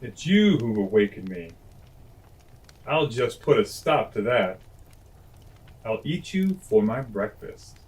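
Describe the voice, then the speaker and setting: A big, blustering male lion from a bedtime storybook booms and mocks, as a man puts him on. The king of beasts sounds proud and sure of himself, with a fairly deep voice. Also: lively intonation, measured pace, darkish tone, low-quality recording. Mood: roaring. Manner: booming and mocking, laughs heartily.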